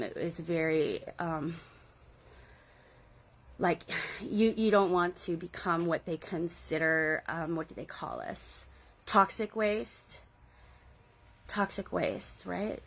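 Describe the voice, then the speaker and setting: A woman's voice: low voice, slight background noise, poor audio. A woman in her forties telling a rambling, sardonic story to the camera, with frequent laughs and side remarks. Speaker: vlogger recounting her past in a cult. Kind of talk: casual storytelling monologue.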